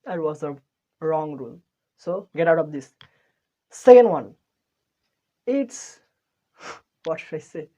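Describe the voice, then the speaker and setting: Woman host for an English lesson, low mellow voice, very slow, self-correcting delivery. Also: animated. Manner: unhurried explaining with restarts and self-corrections. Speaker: English teacher, channel host.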